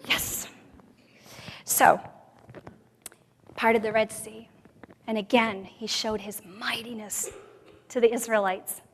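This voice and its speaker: A woman giving a sermon at a church women's conference, sharing her own story and moving from quiet to loud, emphatic passages. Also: a little high, slow pace, pauses often, a little hiss or hum. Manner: expressive, swings from soft to loud. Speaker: conference speaker. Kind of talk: sermon with personal testimony. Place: church sanctuary. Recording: long hall reverb.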